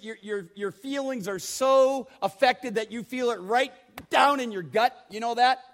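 A man preaching a sermon in a conversational way, often repeating words and asking the congregation questions. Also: high-pitched. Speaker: pastor.

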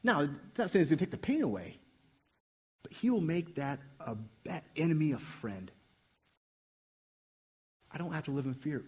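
A man's voice: on the high side, animated, normal speed, long pauses, darkish tone, slightly rough. A young man preaching a sermon, telling a personal story earnestly with frequent restarts. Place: church sanctuary.

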